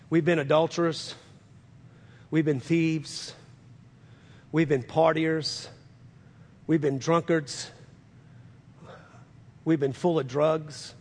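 A male pastor telling a story as part of a sermon, earnest and building to loud, fervent peaks. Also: on the high side. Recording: long hall reverb.

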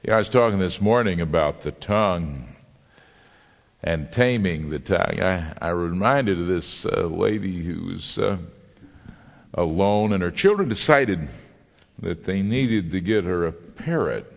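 Guest preacher, male, low and animated, folksy storyteller; hall reverb. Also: unhurried, vocal fry. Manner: folksy storyteller, lively delivery with a joke. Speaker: guest Bible teacher. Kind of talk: sermon with humorous story.

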